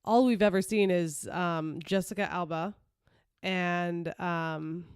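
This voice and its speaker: A woman's voice: lowish voice, fairly even intonation, smooth, no room sound, studio quality. Opinionated woman chatting on a podcast. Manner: opinionated, teasing, quick to mock. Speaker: podcast co-host. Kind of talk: casual chat.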